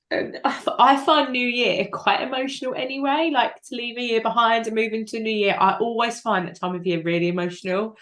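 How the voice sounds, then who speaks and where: A woman, an interview guest telling her own story frankly and emotionally, with flashes of dry humour and tears at times. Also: fairly high pitch. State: crying at times. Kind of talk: candid personal storytelling.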